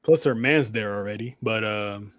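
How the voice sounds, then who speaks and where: A man's voice: lowish voice, normal speed, dry recording, clean studio sound. A man co-hosting a podcast, recapping wrestling in casual chat and acting out what people said. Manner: animated storytelling, acts out quotes, laughs often. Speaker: podcast co-host.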